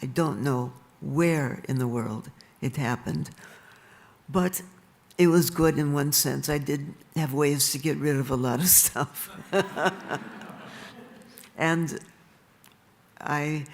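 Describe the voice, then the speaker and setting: An older woman speaking at a live event, telling stories about her life in an unhurried way and laughing softly now and then. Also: sits low, creaky. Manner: slow and unhurried, with soft laughs. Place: stage in a large venue.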